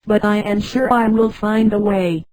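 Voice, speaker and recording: A computer-voiced woman reading the lines of a blunt, restless man who craves city life, in a flat delivery. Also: medium pitch, measured pace, no echo, natural voice, low-quality recording.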